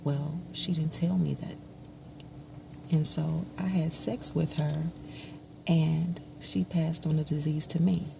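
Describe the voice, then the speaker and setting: Gravelly-voiced woman telling a personal story. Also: low-pitched, fairly even intonation, background noise. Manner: slow, reflective, often drops to a hushed voice. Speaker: vlogger.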